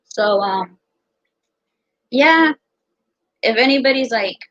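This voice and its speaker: A young American woman telling a personal story in a casual, profane, animated way. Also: fairly high pitch, slow pace, dry recording. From United States. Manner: profane, animated, quotes others in her own voice. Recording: dull lo-fi sound.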